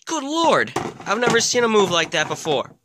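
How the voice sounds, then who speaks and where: Male host, slightly high voice, excitable mock play-by-play with dry jokes. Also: moderate pace, noisy background. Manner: excitable, exclaiming, deadpan asides. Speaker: host and mock wrestling commentator. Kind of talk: mock play-by-play wrestling commentary.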